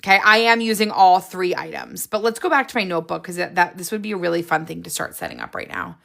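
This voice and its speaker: Excitable woman with a gravelly voice. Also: on the low side, quick pace. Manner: excitable, jumps between ideas, frequent laughs. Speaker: live stream host. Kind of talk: casual live stream chat.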